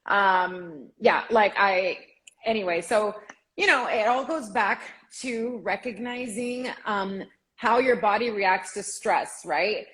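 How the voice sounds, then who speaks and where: A woman's voice: medium pitch, slow pace, a bit bright, poor audio. A woman co-hosting a casual live stream, explaining with many fillers. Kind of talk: casual chat.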